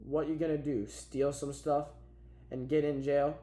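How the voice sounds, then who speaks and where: A man's voice: on the high side, level tone, unhurried, mellow, natural voice. A frustrated migrant worker speaks bluntly in rural dialect, voiced by a man reading aloud. The recording has a roomy echo.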